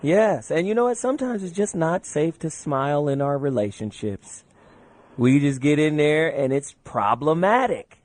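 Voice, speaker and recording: A man's voice: fairly high pitch, moderate pace. A man hosting a call-in radio talk show, casual and playful, joking with his guests and inviting callers. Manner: animated, playful, laughs often.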